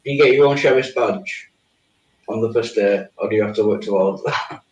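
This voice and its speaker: A man's voice: on the low side, normal speed, a little mellow, highs cut off. Laid-back man, roomy and off-mic. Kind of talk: casual chat.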